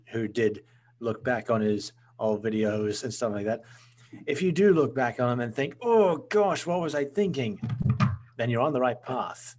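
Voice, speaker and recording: A man's voice: medium pitch, a little mellow, slight background noise. A man, a guest talking in a rambling way with lots of restarts. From Australia. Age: 20s. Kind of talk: casual podcast interview.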